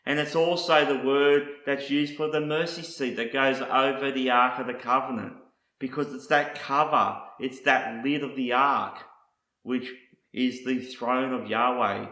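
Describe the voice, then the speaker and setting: A man teaching Bible word meanings in a deliberate, scripted way, setting out one meaning after another. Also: mid-range voice, fairly even intonation, sharp tone, roomy sound.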